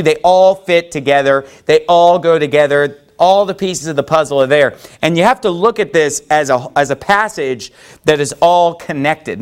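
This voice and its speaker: Guy preaching a sermon, high voice, swoops up and down a lot, keeps saying you know. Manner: emphatic preaching with frequent "you know" asides. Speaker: pastor.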